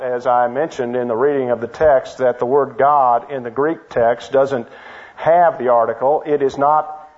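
A pastor delivering a measured, explanatory expository sermon, teaching verse by verse. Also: male voice, a little high, dull audio.

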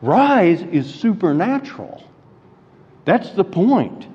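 A man's voice: high-pitched, big pitch swings, slow pace. A man preaching a sermon, teaching through Bible verses and asking rhetorical questions. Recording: dull lo-fi audio with hall reverb.

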